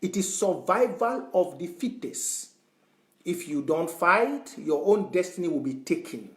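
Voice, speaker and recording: A man's voice: high voice, expressive, unhurried. A man from Southern Cameroons, speaking to followers as an online activist in a fervent, lecturing, repetitive way. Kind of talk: impassioned address to followers. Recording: roomy echo.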